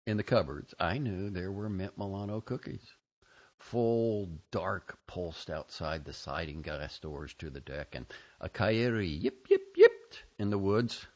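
A man with a very low voice reads a personal memoir, his intonation rising and falling widely as he moves through the scene. The recording is dull and lo-fi, lacking crispness. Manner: measured, expressive reading with lively intonation. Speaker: narrator. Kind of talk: reading a personal memoir aloud.

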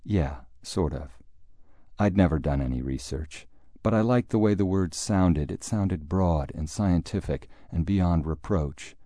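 A man's voice: sits low, measured pace, mellow, no echo. A man narrating a story in a dry, wry manner. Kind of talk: audiobook narration.

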